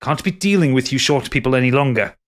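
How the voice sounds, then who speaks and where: A woman's voice: a bass voice, animated, fast talker. A man voicing an old, gaunt and severe female villain commander who talks down to everyone with cold contempt in a tabletop role-play. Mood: scornful.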